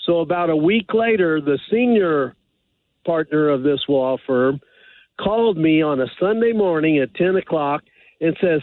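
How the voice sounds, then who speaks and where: A man phones in and rambles through his story, stopping and restarting with plenty of ums and uhs. His voice sits a bit high and comes through a thin, tinny phone line. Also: animated, no echo. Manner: rambling, halting with many fillers. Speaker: caller. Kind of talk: phone-in call.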